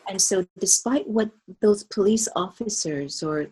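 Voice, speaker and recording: A woman speaking as a spiritual guest in a conversational interview, earnest and animated. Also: mid-range voice, unhurried, breathy edge, poor audio.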